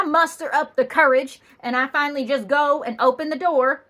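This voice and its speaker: A woman's voice: high voice, fairly even intonation, normal speed, few pauses, bright, forceful tone. A young adult woman telling a funny story with sassy punchlines and exaggerated asides. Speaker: comedian. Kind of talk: comedic storytelling.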